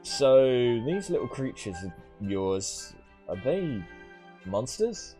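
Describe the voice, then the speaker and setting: A man's voice: medium pitch, big pitch swings, takes it slowly, mellow, soft background music. A man voicing a sweet, chatty old country grandmother with a West Country accent, fussing and motherly. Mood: cheery fussing. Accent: West Country English. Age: older. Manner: chatty, fussing, sing-song.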